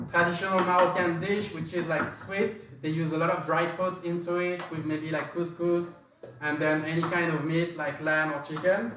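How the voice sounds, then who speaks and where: A man explaining spices in casual talk, halting, with many fillers and restarts. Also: high voice, noisy background. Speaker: spice expert presenter. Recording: very echoey room, distant from mic.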